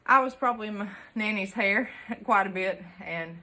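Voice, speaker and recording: A woman's voice: medium pitch, moderate pace, bright, forceful tone. Folksy young Alabama woman telling stories. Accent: Southern US, Alabama. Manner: chatty and folksy, uses country sayings and laughs often. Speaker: homesteading vlogger. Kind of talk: casual storytelling to camera.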